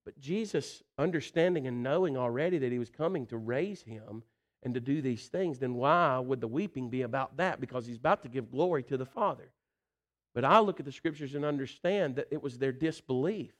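Folksy, animated male preacher. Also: mid-range voice, fairly quick. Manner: animated, folksy, repeats "listen" and "you know". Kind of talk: sermon.

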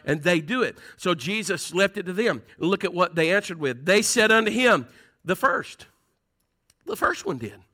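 A man's voice: sits high, very animated, normal speed, few pauses, pushed and bright. A man with a Southern accent preaching a sermon, folksy and conversational, asking the congregation "Amen?" between points. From Southern United States. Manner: folksy, call-and-response preaching with laughs and "Amen?". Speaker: pastor.

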